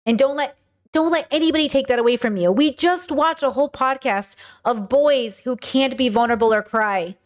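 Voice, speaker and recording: A woman's voice: high voice, moderate pace. Earnest woman streamer answering chat. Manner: earnest, emphatic, talks straight to viewers. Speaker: livestream host answering chat. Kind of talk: casual livestream chat.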